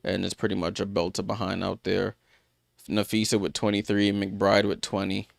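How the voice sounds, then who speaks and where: In casual live-stream commentary, a watchalong host recaps sports scores loosely, heavy on fillers and restarts, and answers viewers by name. He has a low-pitched voice with vocal fry and little pitch movement, at normal speed. The recording is dry and studio quality.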